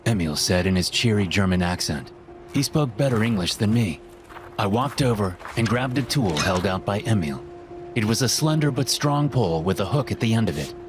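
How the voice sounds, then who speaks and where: A man reading a first-person horror story in a steady, measured way, as scripted narration. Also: lowish voice, background noise. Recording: voice-over with loud music behind.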